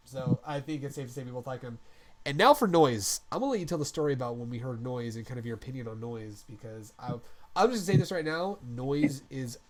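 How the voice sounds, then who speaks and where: A young man co-hosting a podcast in casual chat, excitable and gushing, swearing freely as he talks. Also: medium pitch. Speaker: podcast co-host.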